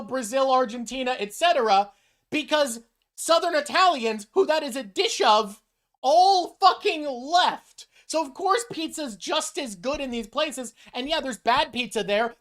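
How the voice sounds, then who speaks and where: A woman's voice: high-pitched, expressive, normal speed, a bit bright. A woman host of a streamed chat show, from North America, ranting emphatically and swearing often in casual talk.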